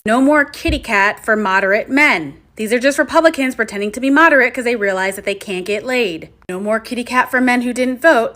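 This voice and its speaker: A woman with a slightly high voice, laying out points one by one in a firm, commanding way. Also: fairly bright tone. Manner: firm, list-like directives. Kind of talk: instructive social media video.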